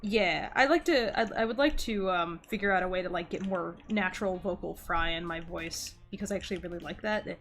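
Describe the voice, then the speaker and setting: A woman's voice: fairly low pitch, brisk, few pauses, a bit bright, faint music behind. A woman chatting casually, self-deprecating, with laughs between her remarks. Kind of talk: casual chat.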